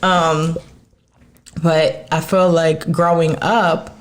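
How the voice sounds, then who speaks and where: A woman's voice: low voice, very slow. A woman co-hosting a podcast, telling stories in casual chat and laughing often. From Dominican family, raised in Philadelphia. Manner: laughs often, animated storytelling. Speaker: podcast co-host.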